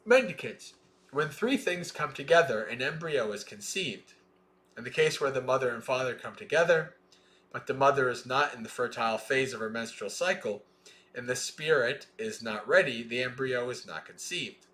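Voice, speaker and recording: A man reading a Buddhist scripture aloud in a slow, measured way, with plain explaining asides between passages. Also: mid-range voice, expressive, fairly bright tone. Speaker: Dhamma reader.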